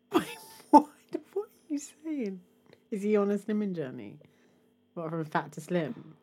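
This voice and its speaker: A young woman in casual chat, animated and laughing, acting out voices as she tells stories. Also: mid-range voice, measured pace, breathy edge.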